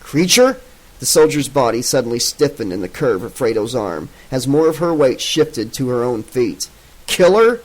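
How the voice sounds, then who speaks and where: A man narrating a horror audiobook in a steady, dramatic reading. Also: medium pitch, moderate pace, hardly any pauses, rough recording.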